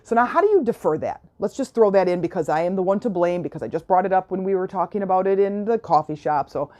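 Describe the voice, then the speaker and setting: A woman hosts a self-help talk show in a casual coaching monologue. Her voice sits a little low and sounds warm and mellow. She talks earnestly, repeats her points for emphasis and keeps checking that the listener is with her. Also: animated, fast talker. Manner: chatty, checks in with the listener often. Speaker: self-help podcast host.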